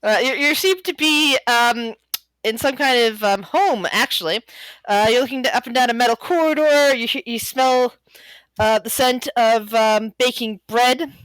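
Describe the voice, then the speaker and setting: A young woman narrating as game master, halting with many fillers and restarts. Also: a little high, a bit bright, no room sound, low-quality recording.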